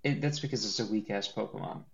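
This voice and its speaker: A man co-hosting a podcast in casual chat, animated and joking, with a lot of laughing and restarts. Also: fairly low pitch, fast, gravelly, muffled recording. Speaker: podcast co-host.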